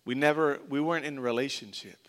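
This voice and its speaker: Speaking fast in a clear, resonant, medium-pitched voice, a middle-aged Florida pastor delivers a sermon with a joking, conversational feel. He mixes scripture with a tale from his childhood.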